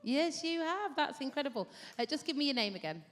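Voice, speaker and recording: A woman's voice: sits high, animated, brisk. A woman comedian doing live stand-up, teasing and bantering with the audience in a brash way. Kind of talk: live stand-up with crowd work. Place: large live theatre venue. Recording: live hall reverb with audience. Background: audience laughter.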